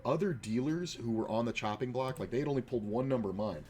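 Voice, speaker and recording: While he plays online poker, a former dealer turned poker player spins meandering, foul-mouthed stories crammed with filler words. He talks fast in a mid-range voice, with background noise behind him.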